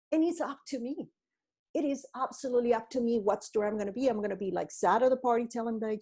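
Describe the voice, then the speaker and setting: A middle-aged woman talking as a podcast guest, rambling and animated as she tells her story and acts out what people said to her. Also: on the high side, fast talker, slightly rough. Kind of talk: casual storytelling interview.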